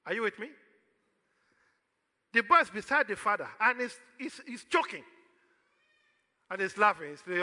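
A man's voice: high voice, expressive, a little slow, pauses often, pushed and bright, big-room sound. A man with a Nigerian accent preaching a sermon as pastor, throwing questions out to the congregation for them to answer.

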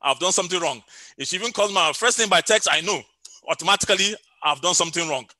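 A man's voice: high voice, quick pace, sharp tone, no echo. A middle-aged man preaching a sermon over an online call, telling a story with many fillers and repeated phrases.

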